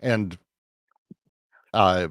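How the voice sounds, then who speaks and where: A man's voice: deep voice, fairly even intonation, extremely slow, fairly bright tone, no room sound, studio quality. A man chatting on a stream with a teasing, joking manner.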